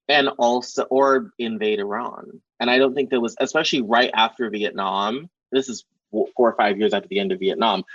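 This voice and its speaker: A man hosting a podcast, reasoning through history in a measured way and prompting his guest. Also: lowish voice, no room sound. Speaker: podcast host. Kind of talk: casual political conversation. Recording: dull dry sound.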